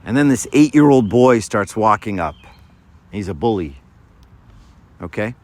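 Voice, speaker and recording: A man's voice: on the low side, animated, unhurried, dry recording. Man in his 50s, faith talk to young people, informal, keeps saying right?, acts out little scenes. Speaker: speaker giving a faith talk.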